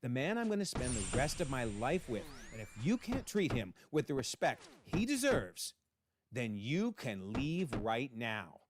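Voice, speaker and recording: A man's voice: medium pitch, very animated, measured pace, background noise. A man voicing a defiant young wife. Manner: firm, defiant. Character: loyal young wife standing firm.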